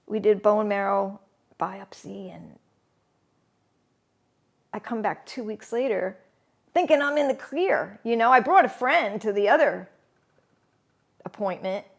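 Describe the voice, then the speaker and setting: A middle-aged woman telling a personal story candidly in a halting way, often laughing mid-sentence. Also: medium pitch, animated, vocal fry, breathy edge. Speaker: interviewee.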